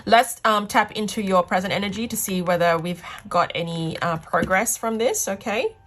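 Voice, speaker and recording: A woman's voice: medium pitch, moderate pace, a bit bright, slight background noise. A woman giving a pick-a-card tarot reading, gushing and effusive, tearful with emotion as she talks to her viewers. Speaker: tarot reader.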